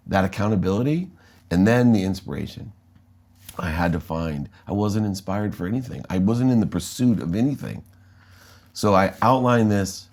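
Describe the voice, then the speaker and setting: Deep-voiced American man telling a story. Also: normal speed. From United States. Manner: animated storyteller, acting out quoted dialogue. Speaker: interview guest. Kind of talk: storytelling in a podcast interview.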